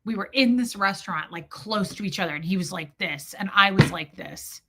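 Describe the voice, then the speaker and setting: A bright-voiced woman with a mid-range voice hosts a casual live stream at normal speed, reading the chat. She is candid and emotional, swears freely and restarts often.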